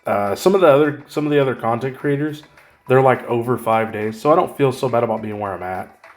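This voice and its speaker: A man's voice: mid-range voice, a little fast. A man casually talking through his mobile game progress, rambling and correcting himself with wry asides. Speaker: gaming channel host. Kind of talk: casual gameplay commentary.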